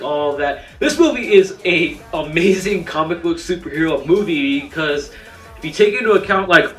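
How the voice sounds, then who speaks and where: A man's voice: a little high, fairly bright tone, distant mic. A young man giving a casual, enthusiastic film review, rambling with lots of fillers and restarts. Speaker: movie reviewer. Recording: roomy, off-mic sound with faint music.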